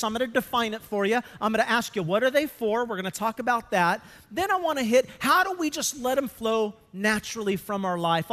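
A man preaching a sermon as a pastor, animated and swinging between loud emphasis and hushed asides. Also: high voice. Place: church sanctuary. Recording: long reverb of a church hall.

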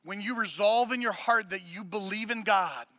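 A man preaching a sermon, mixing casual joking asides with loud, emphatic preaching. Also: high voice, normal speed, no echo. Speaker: pastor.

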